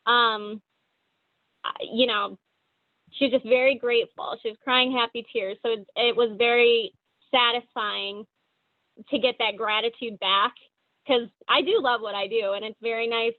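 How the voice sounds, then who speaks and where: A woman's voice: fairly high pitch, steady tone, normal speed, no room sound. A woman dental hygienist telling a patient story earnestly in a casual interview over a video call. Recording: dry tinny phone-like audio.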